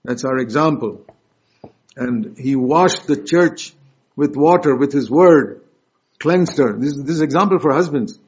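A man preaching a sermon, emphatic and direct, questioning his congregation, with loud stresses and soft asides. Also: medium pitch, expressive, measured pace, breathy edge. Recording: dull lo-fi recording.

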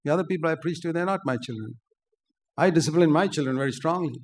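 An older man preaching a sermon, forceful and emphatic, rising to loud outbursts. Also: a little high, quick pace, a little hiss or hum.

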